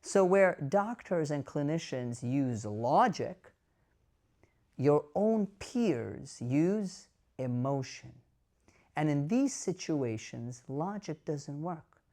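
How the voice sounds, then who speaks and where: A man's voice: fairly high pitch, animated, takes it slowly, a little mellow. A man, a physician, telling an emotional story straight to camera in an earnest way, often asking the viewers questions. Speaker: dementia care physician.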